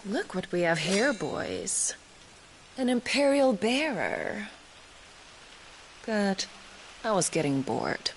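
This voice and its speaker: An actress playing a cruel, scheming woman commander in a video game, speaking slowly in a taunting, teasing way. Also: medium pitch, very animated, a little hiss or hum. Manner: slow, taunting, teasing delivery.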